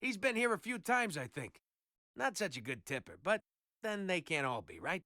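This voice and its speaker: Bragging game barber, bright voice that swings all over, dead dry sound. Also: male voice, high voice, big pitch swings, moderate pace, dry recording, full character voice. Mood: boastful. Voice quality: theatrical, self-assured. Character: boastful chatty male barber, middle-aged.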